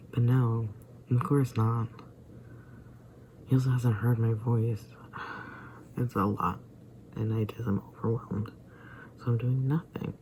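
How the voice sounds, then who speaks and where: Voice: mid-range voice, warm tone, a little hiss or hum, rough recording. A young adult vlogger who feels sick, rambling hesitantly and often slipping into a whisper. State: feeling sick and tired. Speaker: daily vlogger. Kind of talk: rambling personal vlog.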